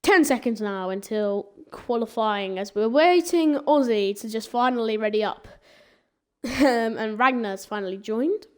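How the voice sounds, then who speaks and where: A woman's voice: on the high side, unhurried, a little mellow, smooth. A woman commentating a live sim racing qualifying session in a chatty, rambling way, often stumbling and correcting herself. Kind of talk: live esports race commentary.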